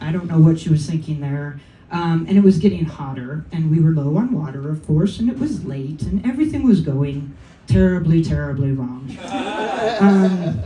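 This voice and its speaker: A woman's voice: on the low side, warm tone, a little hiss or hum. A woman from California telling a funny personal story on stage, wry and self-deprecating, with profane asides and laughs from the crowd. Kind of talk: live comic storytelling. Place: comedy club stage. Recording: roomy club sound from a distant mic. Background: audience laughter and faint room ambience.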